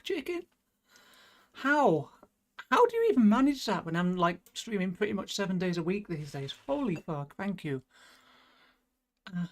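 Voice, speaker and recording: A woman streamer casually playing a game, reading its text aloud and reacting excitably, swearing freely. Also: on the high side.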